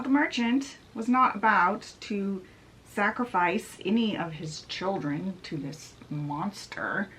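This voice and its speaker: Slow, chatty woman book vlogger. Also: mid-range voice, rough recording. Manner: chatty, laid-back, asides while doing makeup. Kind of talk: casual fairy-tale retelling.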